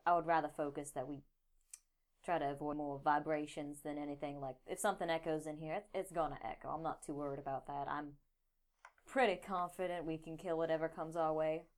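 A woman with a somewhat low voice plays her character in a tabletop game. She directs her party in a playful, bossy way. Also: steady tone, fairly quick. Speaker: player.

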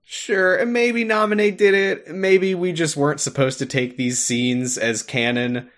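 A young man co-hosting a podcast, casually recapping a game's story with animated retelling and frequent laughter. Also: fairly high pitch, a little slow. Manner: animated storytelling, laughs often, acts out lines. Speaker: podcast co-host. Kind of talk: casual chat recapping a game.

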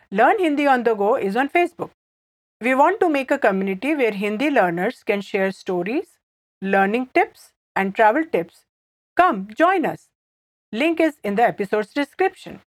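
Woman, podcast co-host, scripted outro, slightly high voice, dry close sound. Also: expressive, normal speed, dry recording.

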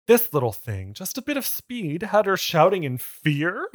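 A man's voice: sits high, sing-song, no echo, studio quality. Sardonic man co-hosting a podcast. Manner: sardonic, quick to laugh. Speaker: podcast co-host. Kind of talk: comedic book reading and banter.

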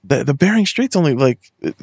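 A young man from Western Massachusetts, a podcast host who tells animated stories and swears freely in casual chat. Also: on the high side, a little fast, breathy edge, no echo, studio quality.

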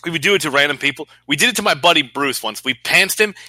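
A young man co-hosting a podcast, animated and crude, swearing freely in casual banter. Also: a little high, fast talker, dry recording. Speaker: podcast co-host.

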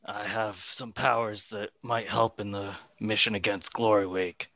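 Bright, gravelly man playing a tabletop game. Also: on the low side, fairly even intonation, a little slow, highs cut off. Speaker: player. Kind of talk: casual chat during a tabletop game.

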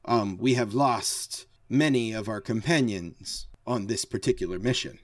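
A man's voice: fairly low pitch, measured pace, no room sound, pitched below the performer's own voice, lightly acted. A man voicing a weary male robot commander who speaks formally with hesitations.

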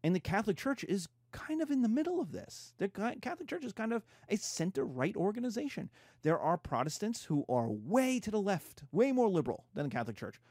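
Lively, mellow-voiced man lecturing. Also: sits high, a little fast, husky, no echo, studio quality. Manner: animated, irreverent, acts out quotes in slangy voices. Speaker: history lecturer. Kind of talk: casual lecture.

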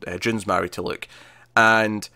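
A man hosting a podcast, retelling a TV episode in casual chat, animated and laughing, with many fillers and restarts. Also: on the low side, unhurried, clean tone, no room sound. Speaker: podcast host reviewing a TV episode.

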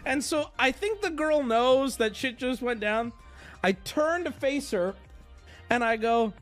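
A man's voice: high voice, big pitch swings, unhurried, pauses often, faint music behind. A man telling a story on his stream as a profane, self-mocking rant, getting heated as it goes.

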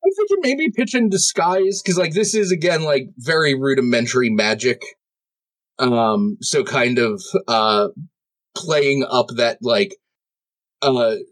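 A man's voice: mid-range voice, animated, slow pace. A man playing a tabletop game, describing scenes in a rambling way with lots of fillers. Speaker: player.

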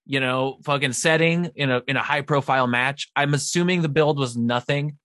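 A man's voice: medium pitch, normal speed, fairly bright tone, no room sound, studio quality. An easygoing man co-hosting a casual wrestling chat, laughing often and swearing. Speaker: podcast co-host.

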